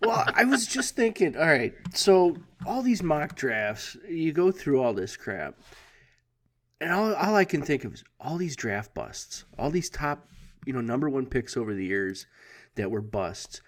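A man's voice: on the high side, very animated, measured pace, fairly bright tone. A man co-hosting a podcast, laid-back, talking sports in casual banter. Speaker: podcast co-host.

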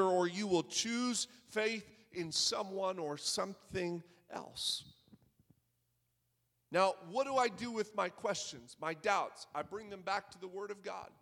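Pastor guy preaching, high pitched, big hall reverb behind him. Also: fairly bright tone. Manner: conversational preaching that builds to fervent crescendos. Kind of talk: sermon.

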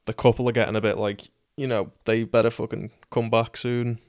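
A British man in his twenties tells a personal story casually, swearing and poking fun at himself. His mid-range voice is level, slightly fast and a bit dark, captured in a clean, echo-free studio recording.

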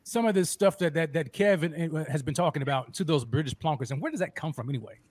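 A man hosting a casual sports fan show, excitable and restarting his sentences with repeated words. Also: fairly high pitch, fast talker, no echo. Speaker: host.

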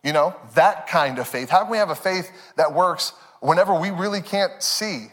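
A man's voice: sits high, moderate pace. A man in his thirties, a pastor preaching a sermon, telling family stories with frequent laughs and fillers. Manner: animated, laughing through stories, many fillers. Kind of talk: sermon with personal storytelling. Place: church sanctuary. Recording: long reverb of a church hall.

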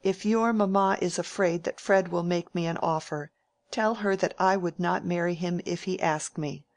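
Woman reader voicing a blunt, dry-witted young woman from a period storybook, in a low voice. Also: normal speed, no room sound, lightly acted. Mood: dry, frank. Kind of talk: audiobook character reading.

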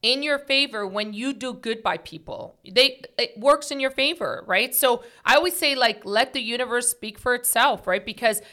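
Bright-voiced chatty woman. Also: on the high side, moderate pace, few pauses. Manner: earnest, talkative, many "like" and "right?" fillers. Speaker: podcast host. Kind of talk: casual heart-to-heart chat.

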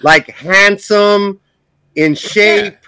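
High-voiced rambling man telling a story. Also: drawn-out words, pushed and bright, slight background noise, rough recording. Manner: rambling, profane, heavy on "like" fillers. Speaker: podcast host. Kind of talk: casual storytelling.

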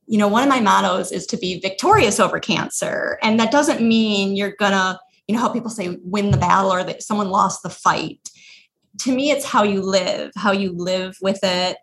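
A woman's voice: medium pitch, fairly bright tone, slight background noise. Earnest woman podcast host with faint ambience. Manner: earnest and affirming, responds with agreement. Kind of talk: warm conversational interview.

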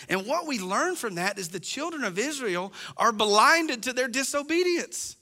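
A man's voice: high-pitched, sharp tone. A middle-aged man preaching a sermon as pastor, impassioned and acting out the voices he quotes.

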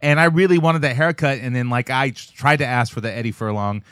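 A man's voice: medium pitch, brisk, fairly bright tone, clean tone, dry recording, studio quality. A man co-hosting a casual podcast, swearing often and laughing at his own jokes. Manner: profane, jokey, laughs often. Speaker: podcast co-host. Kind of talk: casual crude chat.

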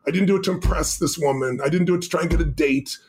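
A middle-aged man tells a personal story as a podcast guest, his voice rising and then dropping low. He talks quickly and in a fairly high register for a man. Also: a little hiss or hum. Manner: intense storyteller, swings between loud and hushed. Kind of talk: telling a personal story in an interview.

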